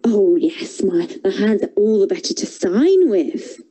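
A woman plays a sly storybook wolf posing as grandma. The voice is croaky and drawn out, with a dark, mellow tone and lively swings in pitch. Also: unhurried.

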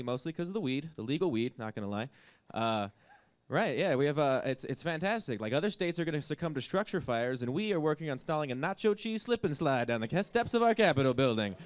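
A man's voice: a little high, big pitch swings, fast, no room sound. A young man doing a stand-up comedy set on stage, offhand and rambling, full of fillers. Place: comedy stage with a live audience.

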